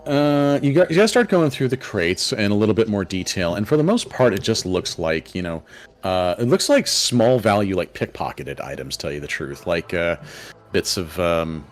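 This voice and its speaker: A man's voice: low-pitched, big pitch swings, moderate pace. A man running a tabletop game as game master, narrating hesitantly with many fillers.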